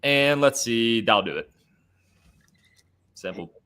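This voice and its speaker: A man giving his betting picks as a co-host in a brisk, confident way. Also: medium pitch, animated, bright, forceful tone, clear, resonant tone. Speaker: co-host handicapper. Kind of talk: casual picks chat.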